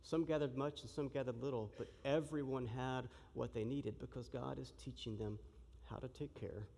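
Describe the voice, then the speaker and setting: A man preaching a sermon in an animated, joking way, acting out the shouting crowd as he tells the story. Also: medium pitch, normal speed, gravelly, breathy edge. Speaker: pastor. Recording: long reverb of a large hall.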